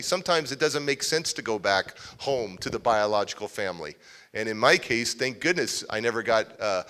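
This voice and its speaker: A male motivational speaker telling a story at a live event in a large hall. He has a bright, forceful voice and an animated way of talking. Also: medium pitch, clear, resonant tone. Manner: animated, acts out scenes. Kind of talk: storytelling keynote talk. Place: large civic center hall, live audience.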